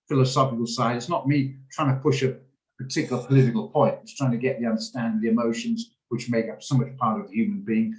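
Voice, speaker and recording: Man, trading room host, rambling, emotional, echoey room, video call. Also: mid-range voice. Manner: emotional, rambling, rants and laughs. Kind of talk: casual talk on a video call.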